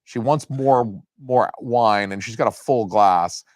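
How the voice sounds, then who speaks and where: A man co-hosting a casual film commentary from home, talking in a profane, sarcastic, animated way. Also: mid-range voice, slow, no room sound, studio quality. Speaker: podcast co-host. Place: home, recorded apart from co-host.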